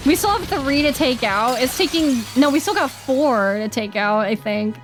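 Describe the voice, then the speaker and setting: A woman's voice: high voice, animated, normal speed. A woman streaming gameplay, reacting with dramatic yelps and groans of frustration. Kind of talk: live gameplay commentary. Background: faint game music.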